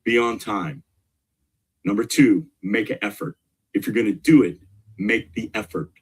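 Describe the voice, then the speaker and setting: A middle-aged man talking as a guest in an interview, energetic and emphatic, repeating his key points. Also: on the low side, unhurried, breathy edge. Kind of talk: casual interview talk.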